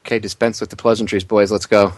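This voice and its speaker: A man's voice: on the low side, level tone, quick pace, dry recording. A male radio host giving sarcastic, mocking play-by-play commentary into a studio mic. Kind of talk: casual live commentary.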